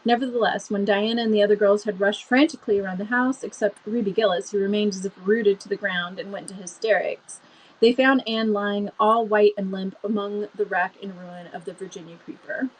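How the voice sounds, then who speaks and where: A woman's voice: mid-range voice, steady tone, a little fast, husky, rough recording. A woman reading a novel aloud expressively, with chatty asides and small stumbles. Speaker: book reader.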